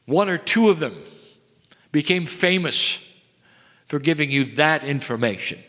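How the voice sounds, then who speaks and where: A man delivering a channeled spiritual message to a seminar audience, measured and intimate, often sinking to hushed tones. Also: on the high side, animated. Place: seminar hall. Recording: long hall reverb.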